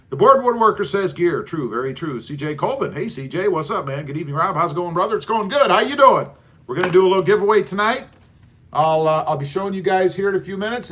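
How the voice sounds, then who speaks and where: A man's voice: on the high side, fairly bright tone. A man hosting a casual livestream, reading viewers' comments aloud and joking about himself. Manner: jokey, self-deprecating, reads chat aloud. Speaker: livestream host.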